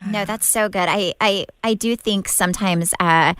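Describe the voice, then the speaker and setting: A woman's voice: mid-range voice, normal speed, a bit bright, clear, resonant tone, no room sound, studio quality. Supportive woman hosting a podcast. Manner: supportive, reacts often with laughs and short affirmations. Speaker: podcast host. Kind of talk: casual interview chat.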